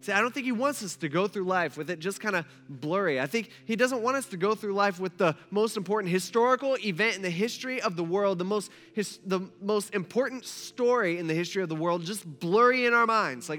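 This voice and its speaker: Guy preaching a sermon, kinda high bright voice, gets hushed then fired up, faint music behind. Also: animated, a little fast, big-room sound. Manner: swings between hushed storytelling and rising emphatic passion. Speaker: pastor.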